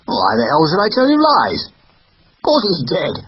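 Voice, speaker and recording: A man's voice: fairly high pitch, wildly swooping pitch, measured pace, slight background noise, pitched above the performer's own voice. A man voicing a bad-tempered, overworked middle-aged merchant consul who grumbles and curses in a hard, clipped way. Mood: irritable. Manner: grumbling and cursing. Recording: dull lo-fi recording.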